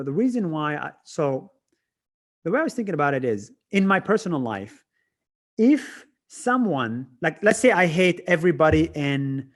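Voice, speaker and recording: Young man from Israel, native Arabic speaker; animated, swearing guest on a video call. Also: a little high. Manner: animated, swears, laughs a lot, restless. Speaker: interview guest, video creator. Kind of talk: casual video-call interview.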